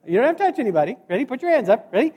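A middle-aged motivational speaker from Montana, USA gives a humorous keynote on stage before a live audience, joking and acting out his stories with sound effects. His very high, husky voice swings widely in pitch, races along, and has a darkish tone.

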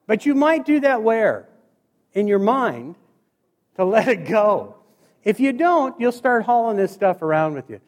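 A man from Montana with a high voice delivers a joking motivational speech to a live crowd. He is middle-aged and tells stories with sound effects and quick asides. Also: sing-song. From Montana, USA. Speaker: motivational speaker. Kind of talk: humorous keynote speech. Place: stage before a live audience.

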